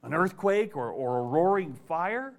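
Male preacher, conversational sermon, swings from loud readings to soft asides, slightly high pitch. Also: big pitch swings, unhurried. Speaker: pastor.

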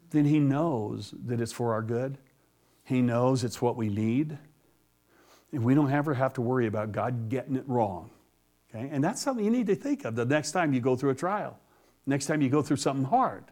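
A middle-aged man preaching a conversational sermon, folksy and quick to laugh as he tells stories. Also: medium pitch, darkish tone.

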